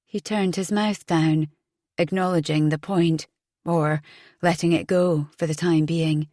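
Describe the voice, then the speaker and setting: A young woman narrating a thriller audiobook in the first person, tense and inward. She reads very slowly in a low voice, and the sound is close and dry with no room echo. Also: fairly even intonation, warm tone. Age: young adult.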